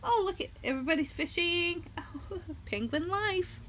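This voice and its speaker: A woman reading a picture book to young children, talking slowly and directly to them, recorded on a phone camera. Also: extremely high pitch, lively intonation, a bit bright, a little hiss or hum. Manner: slow, sing-song, speaks directly to young children. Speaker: children's storyteller.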